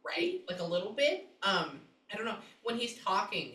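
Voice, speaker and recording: A woman working as a psychic medium, talking casually with clients and thinking aloud with frequent pauses and asides. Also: medium pitch, expressive, a bit bright, distant mic. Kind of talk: casual session talk. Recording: roomy, from off the mic.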